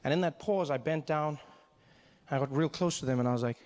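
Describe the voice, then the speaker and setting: A man's voice: a little high, a little fast, a little mellow. A man doing stand-up, telling a story animatedly and acting out the scenes. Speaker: stand-up comedian.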